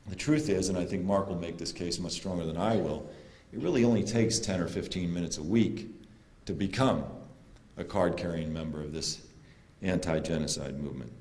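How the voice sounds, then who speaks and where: Deep-voiced man, earnest rallying speech. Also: moderate pace, a little mellow. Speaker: panel speaker. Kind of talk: rousing closing speech. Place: lecture hall. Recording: roomy hall reverb.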